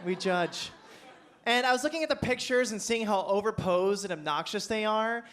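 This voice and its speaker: Male stand-up, high voice, campy and animated, club stage on a handheld mic. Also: brisk. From Pennsylvania. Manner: campy, animated, playful with the crowd. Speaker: stand-up comedian. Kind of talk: stand-up set.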